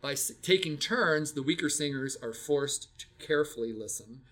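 A man's voice: a little high, expressive, moderate pace, fairly bright tone. An older man, a music educator, talking casually and reflectively about teaching children to sing, telling stories with frequent restarts.

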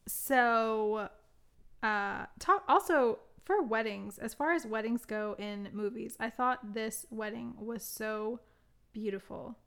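A woman's voice: fairly high pitch, slow pace, a bit bright, smooth. A woman co-hosting a casual film review chat, gushing as she retells favorite scenes. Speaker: podcast co-host.

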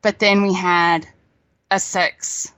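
A woman's voice: fairly low pitch, little pitch movement, slow pace, a bit bright, no room sound. Chatty New woman, dry sound. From New Zealand. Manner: chatty, laughs easily, storytelling. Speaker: guest. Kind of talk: casual chat.

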